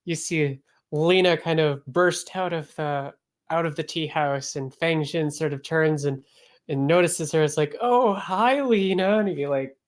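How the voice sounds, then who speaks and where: Woman game master, relaxed chatty narration, lowish voice. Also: measured pace. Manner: casual, lots of "like" and fillers.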